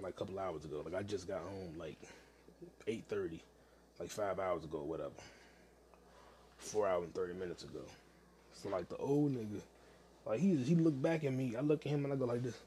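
A man's voice: on the low side, dark tone, slight background noise. A young man hosting a solo podcast from home, ranting with heavy profanity and frequent laughter. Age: young adult. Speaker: podcast host. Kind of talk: casual solo podcast rant.

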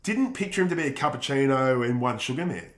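A man's voice: mid-range voice, animated, quick pace. An Australian man co-hosting a podcast in loose, laughing banter. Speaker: podcast co-host. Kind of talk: casual chat. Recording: echoey room.

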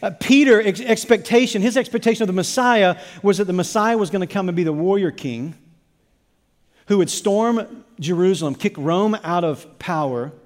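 A male pastor delivers a sermon with a high-pitched voice, pressing his points through repetition and stammered restarts. His words ring out with a long hall reverb behind them. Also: normal speed.

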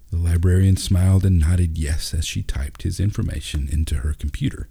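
Brief: calm male narrator for a storybook, deep and mellow. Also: moderate pace, vocal fry, few pauses, husky. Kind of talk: storybook reading.

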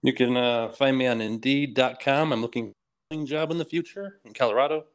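Man, podcast guest, deadpan crude jokes, casual chat. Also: mid-range voice, a little fast.

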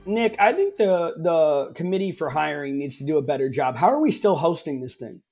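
A man's voice: on the high side, animated, a little fast, darkish tone, faint music behind. A man co-hosting a casual live-streamed podcast, teasing and joking in loose slang. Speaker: podcast co-host. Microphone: streaming from home on camera.

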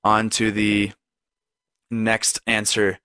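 A man's voice: fairly low pitch, monotone, very slow, bright, forceful tone, clear, resonant tone, no echo, clean studio sound. A man hosting a solo podcast, talking earnestly and conversationally straight to the listener. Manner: conversational, with frequent "right?" and "like". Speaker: podcast host. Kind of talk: reflective solo podcast talk.

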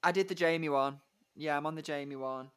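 A man's voice: on the high side, steady tone, fairly quick, a bit bright, clear, resonant tone. Chatty young man, giggly. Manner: chatty, giggly, rambling with many fillers. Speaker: musical theatre performer, guest. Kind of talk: casual interview chat.

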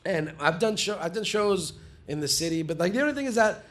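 A man from Texas talks casually as a podcast guest, a comedian with a slightly higher voice. He rambles and pads his sentences with filler words. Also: expressive, a little fast, a bit bright.

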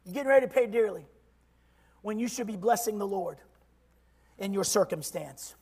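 Very high-voiced shouting male preacher. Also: expressive, normal speed, husky. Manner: shouting preaching with call-and-response. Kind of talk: sermon.

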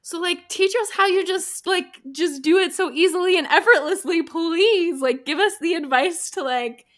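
A woman's voice: extremely high pitch, moderate pace, a bit bright. A woman co-host speaking with emotion as she praises her guest and asks for advice. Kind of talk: casual interview chat.

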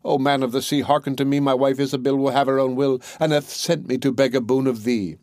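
A man's voice: medium pitch, fairly even intonation, fairly quick, darkish tone, no echo, close to an everyday voice. A man reading the part of a timid, humble fisherman who speaks in a fearful, pleading way.

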